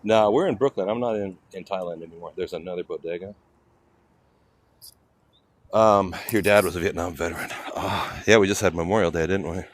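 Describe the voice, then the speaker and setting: An older man with a lowish voice chats his way down a city street, streaming from his phone. His talk rambles from one thought to the next, with faint street sound behind him. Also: fairly quick, slight background noise. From California. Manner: rambling, chatty, reads out viewer names. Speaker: livestream host. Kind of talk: casual walking livestream chat.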